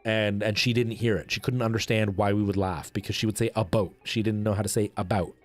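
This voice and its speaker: A man's voice: fairly low pitch, flat delivery, quick pace, soft background music. A man streaming a retro game, chatting casually and answering his viewers' comments.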